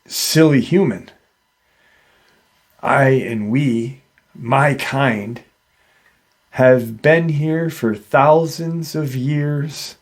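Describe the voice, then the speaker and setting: A man voicing a calm, kindly male dogman creature that speaks slowly and softly in a solemn way. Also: mid-range voice.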